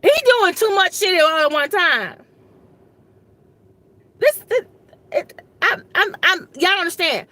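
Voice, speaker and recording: High, bright-voiced woman ranting casually. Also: expressive, takes it slowly, pauses often, dry recording. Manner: exasperated, rambling, talks straight to viewers; colloquial, says "y'all". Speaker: history and government teacher. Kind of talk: casual political commentary.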